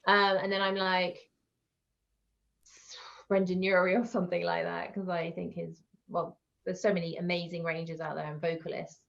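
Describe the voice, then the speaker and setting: A woman's voice: fairly low pitch, level tone, normal speed, vocal fry. A woman, a guest in an interview, chatting in a rambling way and laughing between thoughts. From England. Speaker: guest, online vocal reaction creator. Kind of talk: casual interview chat. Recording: slightly dull lo-fi call audio.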